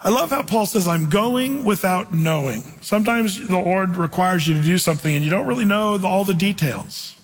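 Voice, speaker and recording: Man, pastor, high voice, conversational sermon, echoing hall. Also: expressive, normal speed, few pauses, breathy edge. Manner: conversational, storytelling preacher reading scripture.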